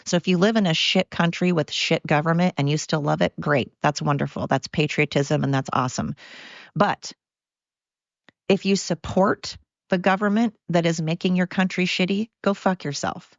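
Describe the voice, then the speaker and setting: A woman from the United States rants on her own podcast, swearing freely and hammering her points with angry emphasis. Her voice sits a little low. The recording is dry and a bit dull, with a lo-fi edge. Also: moderate pace, creaky, no echo. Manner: angry, profane, emphatic ranting. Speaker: podcast host. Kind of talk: solo podcast rant.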